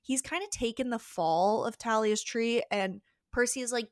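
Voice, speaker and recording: A woman's voice: fairly high pitch, moderate pace, hardly any pauses, no echo, clean studio sound. A woman co-hosting a podcast, chatting casually about a book and playing out the characters' lines. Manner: conversational, plays out characters' lines. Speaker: podcast co-host. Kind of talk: casual book discussion chat.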